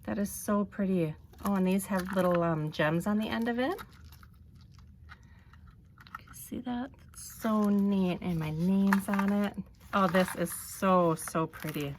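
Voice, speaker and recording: A woman vlogger narrating an unboxing, gushing with delight and often pausing with ums. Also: medium pitch, slight background noise. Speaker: crafting vlogger.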